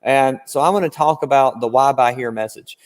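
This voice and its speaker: A man chats as a guest on a podcast, walking through dealership tactics and telling stories with concrete examples. His pitch sits mid-range. The recording carries a long reverb tail. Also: a little fast. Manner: animated storyteller, explains with examples. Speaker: guest car-dealership trainer. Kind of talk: casual podcast chat.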